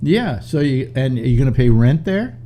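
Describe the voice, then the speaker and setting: Older man, talk show host, rambling chat, stuffy nose, lively pitch, mellow tone, faint hum. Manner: rambling, chatty, halting restarts. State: stuffy nose, slightly short of breath. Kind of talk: casual call-in chat. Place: home studio in New York.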